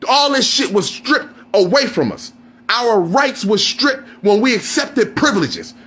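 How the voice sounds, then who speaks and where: A man on a live stream, delivering a heated, profane rant, often shouting and repeating questions at his listeners. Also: sits high, sing-song, a little slow, slightly rough.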